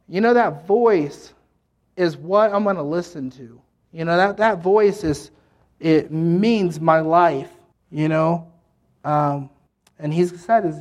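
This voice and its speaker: A man preaching a sermon in an earnest, halting way, with many fillers and restarts. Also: fairly high pitch, darkish tone.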